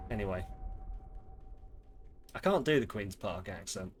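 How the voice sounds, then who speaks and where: A man's voice: on the low side, lively intonation, measured pace, pauses often. A man chatting casually with viewers while streaming a game, rambling and swearing freely. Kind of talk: casual live-stream chat while gaming. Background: game music.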